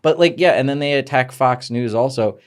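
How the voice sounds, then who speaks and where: A man chatting as a podcast guest at a middle pitch. He talks loosely and jokes around, laughing easily mid-sentence. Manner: loose and joking, quick to laugh. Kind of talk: casual chat.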